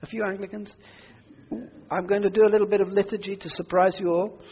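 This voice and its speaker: A man preaching a sermon to a church congregation, earnest, moving between quiet prayerful asides and loud emphatic declarations. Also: high voice, level tone, fast talker, slightly rough. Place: church hall. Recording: dull audio with long hall reverb.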